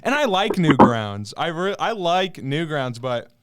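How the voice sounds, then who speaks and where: A man's voice: fairly high pitch, sing-song, unhurried, slight background noise. A young man co-hosting a podcast in casual chat, rambling and laughing often, trailing off mid-sentence. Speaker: podcast co-host.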